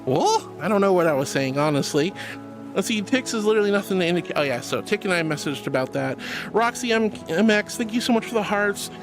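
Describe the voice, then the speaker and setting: A high, expressive male voice talks quickly over music. He's a VTuber streaming live in VR on a computer mic, chatting casually, reading out chat messages, and gushing affectionately at his viewers.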